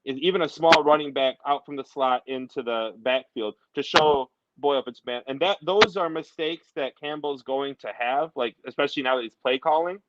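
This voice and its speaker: A man hosting a casual sports talk show, animated and ranting in quick bursts. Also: mid-range voice. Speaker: podcast host. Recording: dull lo-fi audio.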